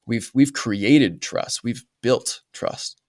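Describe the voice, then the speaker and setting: A man's voice: mid-range voice, very slow, no room sound, studio quality. A man as a podcast guest, talking in an earnest, explanatory way and often checking in with "right?". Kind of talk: casual interview talk.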